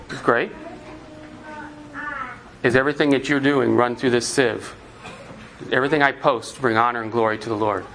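A man's voice: mid-range voice, fairly bright tone, slight background noise. A man preaching a sermon as pastor, asking the congregation earnest rhetorical questions.

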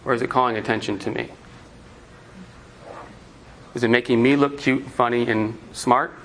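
A man's voice: mid-range voice, fairly even intonation, moderate pace, vocal fry, fairly bright tone, a little hiss or hum. A man preaching a sermon as pastor, asking the congregation earnest rhetorical questions.

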